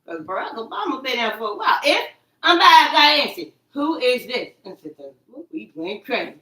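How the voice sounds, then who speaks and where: A woman's voice: on the high side, sing-song, normal speed, bright, forceful tone. A woman talking in a rambling, agitated monologue, repeating herself, cursing and quoting her own words back. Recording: echoey room, far from the mic.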